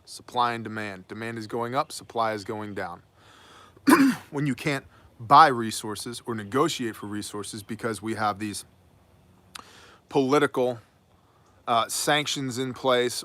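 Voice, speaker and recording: Bright-voiced guy doing his daily news rant, preachy and emphatic, wry asides. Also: medium pitch, unhurried, pauses often, dry recording. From United States. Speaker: prepper news commentator. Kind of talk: opinionated daily news monologue.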